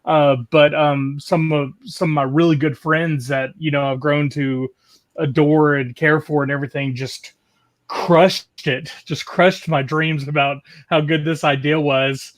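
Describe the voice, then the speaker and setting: A man's voice: on the high side, fairly even intonation, measured pace. A man telling a long story in a loose, casual way, full of "like" and restarts, from a video call. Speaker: guest caller.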